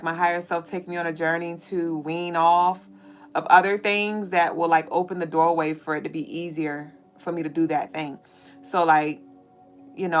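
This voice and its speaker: A woman hosting a spiritual show, talking casually and candidly to viewers, swearing freely while holding back tears. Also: sits low. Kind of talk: casual venting monologue to viewers.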